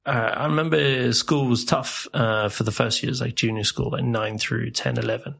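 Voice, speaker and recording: Gravelly, husky-voiced man. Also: mid-range voice, fairly even intonation, moderate pace, a bit bright. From South Africa. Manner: rambling, joking storyteller who laughs often. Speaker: podcast guest. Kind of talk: casual interview chat.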